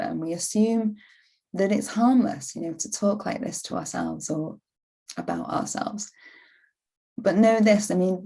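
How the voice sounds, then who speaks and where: A woman's voice: fairly low pitch, gravelly, warm tone. A woman in her forties giving a reflective self-help talk to camera, rambling with frequent restarts and "you know"s. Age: 40s.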